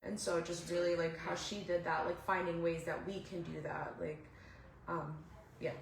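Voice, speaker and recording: A woman's voice: on the low side, level tone, normal speed, gravelly, a little hiss or hum. Rambling woman in an echoey room. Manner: rambling, heavy use of "like". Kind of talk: casual discussion in a small church group. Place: house church gathering room.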